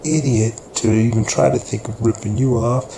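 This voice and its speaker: A man voicing a small-time hustler who talks fast to get out of trouble. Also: mid-range voice, steady tone, creaky, natural voice. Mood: pleading. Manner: pleading, rushed. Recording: echoey room with background noise.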